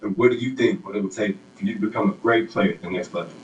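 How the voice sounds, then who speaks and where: A man's voice: fairly low pitch, fast, roomy sound, muffled recording, a little hiss or hum. A man interviewing a young athlete and reading upbeat questions from a script.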